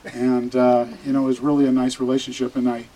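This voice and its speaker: A man's voice: medium pitch, monotone, fast talker, mellow, poor audio. Rambling man giving a eulogy. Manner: rambling, anecdotal, many fillers. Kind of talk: memorial speech. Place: funeral gathering room.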